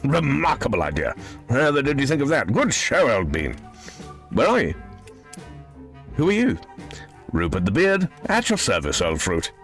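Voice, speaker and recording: A man's voice: lowish voice, big pitch swings, fast, hardly any pauses, soft background music. A man voicing a pompous old male gnome with a long beard, in plummy, old-fashioned upper-class speech. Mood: jovial. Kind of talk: reading game dialogue aloud in voices.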